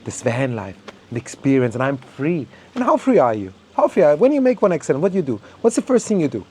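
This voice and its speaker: Man ranting on a podcast, mellow warm voice, stumbling repeats. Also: high voice, sing-song, fast talker, husky. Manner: heated, ranting, swears, repeats words, mocks others in quoted voices. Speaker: podcast host. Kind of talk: opinionated monologue.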